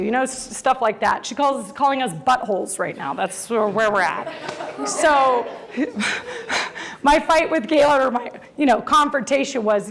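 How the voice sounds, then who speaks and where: A high-pitched woman in her forties shares a candid story about her own family. She gets emotional and laughs through tears while acting out the voices of the people in it. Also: a little fast. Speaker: mother telling a personal story.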